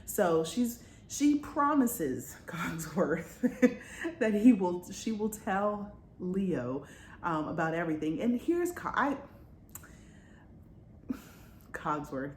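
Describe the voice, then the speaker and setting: A woman's voice: on the low side, big pitch swings, slow, long pauses. A woman talking casually to her viewers about a book, chatty and full of asides. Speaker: book vlogger. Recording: roomy with faint background noise.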